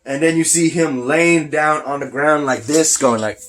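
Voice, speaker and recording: Rambling man, breathy through a mask. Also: on the high side, normal speed, fairly bright tone. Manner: rambling, loses his train of thought. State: short of breath. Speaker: podcast host. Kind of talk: casual wrestling recap chat. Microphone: wearing a face mask.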